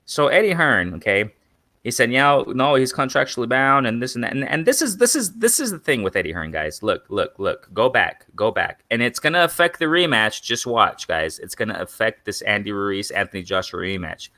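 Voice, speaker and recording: A man's voice: fairly low pitch, very animated, a little fast, bright, forceful tone, no echo. A young man hosting a live boxing stream, rambling and repeating himself as he keeps calling out to his viewers as "guys.". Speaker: boxing channel host. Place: in Mexico.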